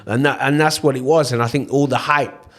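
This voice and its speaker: A man with a Leicester English accent tells stories in a relaxed podcast interview. He talks with lively energy, puts on the voices of the people in his anecdotes, and keeps checking in with his listener. His voice sits at an ordinary middle pitch for a man. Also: fairly quick. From England. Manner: animated storyteller, acts out voices, repeats "you know what I mean". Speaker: interview guest, former professional boxer. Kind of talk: storytelling in casual interview chat.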